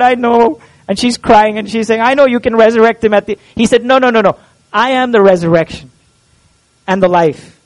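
High-voiced male pastor preaching earnestly. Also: poor audio. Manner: earnest, preaching with rhetorical questions. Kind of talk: sermon. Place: church.

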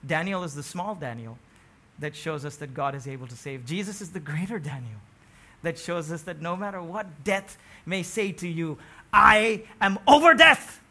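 A man preaching a sermon, emphatic, asking the congregation questions and rising to near-shouts on key phrases. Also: a little high, moderate pace.

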